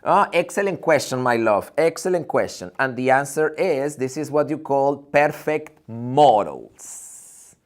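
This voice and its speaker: A man's voice: mid-range voice, expressive, measured pace. Playful, theatrical English teacher man. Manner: playful, theatrical, jokes and acts out student questions. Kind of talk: live online English lesson. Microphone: video call.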